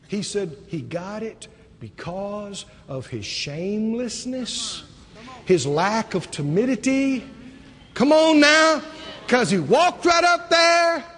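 A man from the American South with a Southern accent, preaching a lively sermon with rhetorical questions and acted-out voices. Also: very high-pitched, long reverb tail.

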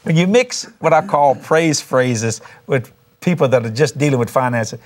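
A man, a pastor telling a testimony story with animated, laughing preacher emphasis. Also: mid-range voice, moderate pace. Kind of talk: storytelling testimony on a talk show.

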